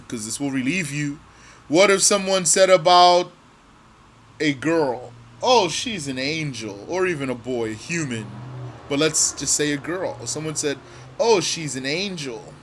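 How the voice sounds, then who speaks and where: A man's voice: fairly high pitch, fairly bright tone, slight background noise. A man teaching a religious text line by line. He reads Arabic phrases, then translates and explains them word by word, often repeating himself. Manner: slow and deliberate, repeating phrases.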